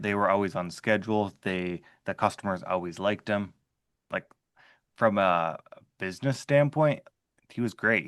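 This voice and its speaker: Man, lowish voice, dry close sound, casual storytelling, lots of "like" fillers, conversational interview guest. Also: no room sound. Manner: conversational, filler-heavy with frequent "like". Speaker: interview guest, former HR manager.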